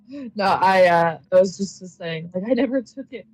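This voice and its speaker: A woman's voice: mid-range voice, expressive, a little slow, no echo, low-quality recording. A woman role-playing in a tabletop game, speaking in polite, genteel phrases as her character and casually narrating the character's actions.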